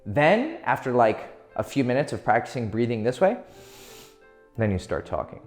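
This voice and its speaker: A man's voice: medium pitch, sing-song, moderate pace, soft background music. A man giving casual dating advice, loose and profane, laughing easily as he explains. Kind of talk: casual instructional talk.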